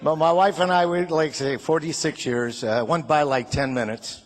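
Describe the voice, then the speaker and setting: A man's voice: fairly high pitch, fairly even intonation, moderate pace, slight background noise. A man in his sixties from Chicago, doing a folksy stand-up set and chatting with the crowd. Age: 60s. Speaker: comedian and singer.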